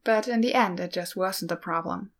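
A woman's voice: fairly low pitch, a little fast, lightly acted. A woman reading a talkative, teasing blind older male monk with a wry manner. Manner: playful and wry. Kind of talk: audiobook-style fan fiction reading.

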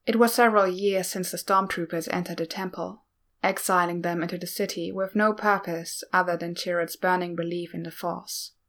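A woman narrating a piece of fan fiction in a slow, even, subdued reading. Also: lowish voice. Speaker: audiobook reader.

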